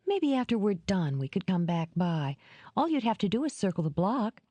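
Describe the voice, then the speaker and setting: A woman's voice: mid-range voice, very animated, moderate pace, warm tone, no room sound, voice pushed up. A woman reading an audiobook, voicing a playful young woman who talks in an eager, teasing way.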